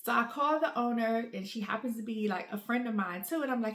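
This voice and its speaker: A woman, a mother and family vlogger, telling a story in an emotional, animated way with many fillers. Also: on the high side, a little fast. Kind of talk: casual storytelling to camera. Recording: roomy echo.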